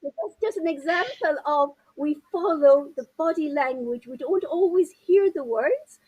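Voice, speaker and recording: A woman's voice: high-pitched, lively intonation, moderate pace, a little mellow, lo-fi sound. A woman in her fifties, a parenting coach, talking animatedly and gesturing with her hands as she explains in an interview. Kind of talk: interview conversation.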